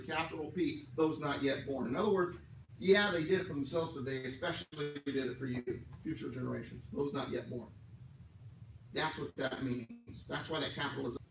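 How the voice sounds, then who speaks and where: A class instructor with a fairly high voice lectures conversationally in a classroom, joking aside and explaining things word by word. The room is echoey and miked from a distance, with slight background noise.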